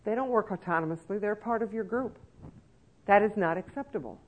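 A woman lectures a room of care staff in an emphatic, conversational way. She keeps checking in with rhetorical questions, and her voice sits at an ordinary middle pitch. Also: fairly quick, narrow, tinny audio. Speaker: elder-care trainer.

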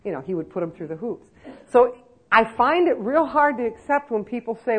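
A woman's voice: on the high side, sing-song, moderate pace, breathy edge, rough recording. Emphatic woman lecturing nursing staff. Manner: emphatic, full of rhetorical questions. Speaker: elder-care trainer.

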